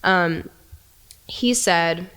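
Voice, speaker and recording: A young woman telling her own story candidly and reading messages aloud at a steady clip. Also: lowish voice, extremely slow, smooth, big-room sound. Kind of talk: personal account, reading out texts.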